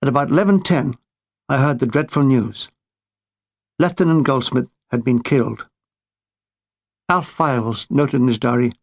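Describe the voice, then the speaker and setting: A man reading his own war memoir with a dry, deadpan comic delivery. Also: mid-range voice, moderate pace, long pauses. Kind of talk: audiobook memoir narration.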